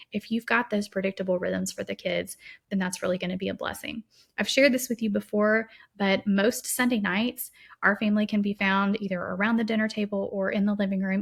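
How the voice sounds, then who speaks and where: A woman hosts a podcast and talks through parenting advice in a relaxed, conversational manner. Her voice is mid-pitched with a noticeably gravelly fry. She often slips into quoted lines of her own family talk. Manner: warm, practical, conversational with quoted examples. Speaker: podcast host. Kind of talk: casual teaching monologue.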